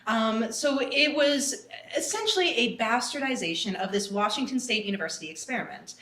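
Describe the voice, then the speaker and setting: A young woman from Boston co-hosts a podcast in a loose, swearing, laughing way, her Boston accent creeping in now and then. Her voice sits fairly high and sounds a bit off the mic, in a roomy, echoing space. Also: animated, fairly quick, sharp tone, far from the mic. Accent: Boston, slipping in at times. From Boston, USA. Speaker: podcast co-host. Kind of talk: casual chat. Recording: echoey room, off the mic.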